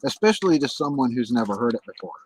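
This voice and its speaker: A talkative American man chatting casually on his livestream. His pitch sits at an ordinary middle height, and he repeats words and swears as he goes. Faint keyboard typing and clicks sit under his voice. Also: big pitch swings, rapid-fire, a little hiss or hum, poor audio. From United States. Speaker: livestream host.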